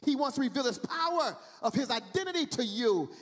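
A man's voice: very high-pitched, sing-song, a little fast, long reverb tail. A man preaching a sermon in an emphatic, repetitive, sing-song way, stretching out key phrases. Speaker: pastor. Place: church, also streamed online.

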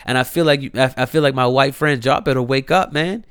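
A man's voice: medium pitch, brisk, a bit bright, clear, resonant tone, dry recording, studio quality. A man, delivering a heated, incredulous rant, swearing freely and repeating himself. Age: 30s. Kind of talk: impassioned rant to camera.

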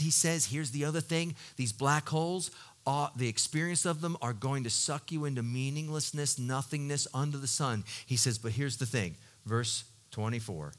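Emphatic bright-voiced preacher man. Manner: swings from loud emphatic peaks to quiet, low storytelling; halting restarts, searching for words. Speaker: pastor. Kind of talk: sermon.

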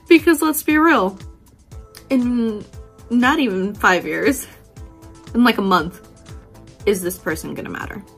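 A woman's voice: mid-range voice, lively intonation, takes it slowly, pauses often, faint music behind. A woman hosting a casual self-help podcast, swearing freely, laughing often and acting out her own inner voice. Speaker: podcast host.

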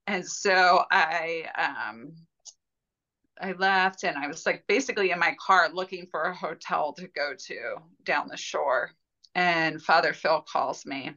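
A woman talks through a personal story on a podcast, candid and rambling, with little laughs breaking in. Her voice sits on the low side but comes across bright and forceful. The recording sounds dull and lo-fi. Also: unhurried. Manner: candid, rambling, with frequent fillers and soft laughs. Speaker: podcast guest.

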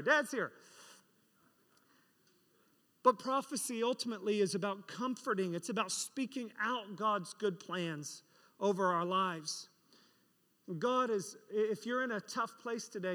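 A man's voice: high-pitched, a bit bright. A man preaching a sermon and telling a story from his life, acting out the voices of the people in it. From England. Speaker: pastor. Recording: reverberant hall.

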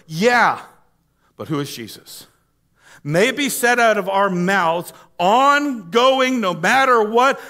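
Male pastor, high bright voice, passionate pleading sermon delivery, calls for congregation responses. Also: lively intonation, slow. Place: church sanctuary.

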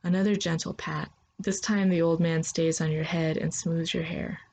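A woman narrating a sci-fi story in the second person, in a calm, steady storytelling manner. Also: low voice, normal speed, creaky.

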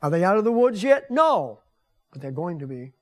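An older male pastor with a high voice gives a folksy sermon in a church. He talks to the congregation like a conversation, then leans hard into emphasis on key phrases. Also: big pitch swings, normal speed. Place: church sanctuary.

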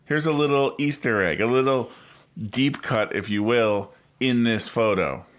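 A man with an ordinary mid-range voice co-hosting a chatty podcast. His delivery is wry and deadpan as he sets up each topic. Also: mid-range voice, measured pace. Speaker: podcast co-host. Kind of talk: casual banter.

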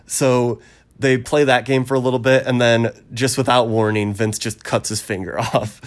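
A man in casual chat, retelling a film's plot in a rambling way with many ums and quick acted quotes. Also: mid-range voice, level tone. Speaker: podcast co-host recapping a film.

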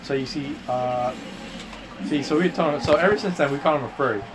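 A man's voice: fairly high pitch, brisk, noisy background. A young man chatting casually while gaming, rambling through a crude story with lots of swearing and restarts. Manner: rambling, profane, restarts a lot. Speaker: gamer telling a story.

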